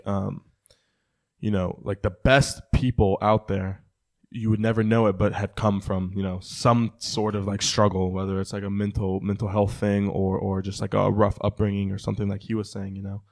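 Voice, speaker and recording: Male co-host, lowish voice, upbeat and rambling casual talk. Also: level tone, moderate pace, vocal fry, darkish tone. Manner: chatty, filler-heavy, enthusiastic. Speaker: podcast co-host. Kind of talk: casual chat.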